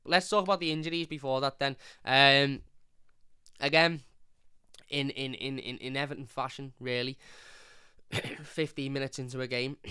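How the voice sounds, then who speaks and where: A man's voice: medium pitch, bright, forceful tone, clear, resonant tone, dry recording, clean studio sound. A young man hosting a fan channel, giving a frank, rambling live review of a football match, often restarting his words.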